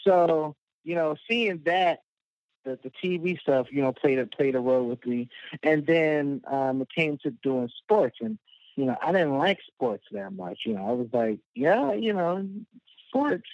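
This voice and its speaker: A man's voice: medium pitch, moderate pace, no room sound. A man telling a long, rambling personal story as a guest, full of fillers and laughing at himself. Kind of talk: casual storytelling. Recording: dull lo-fi dry sound.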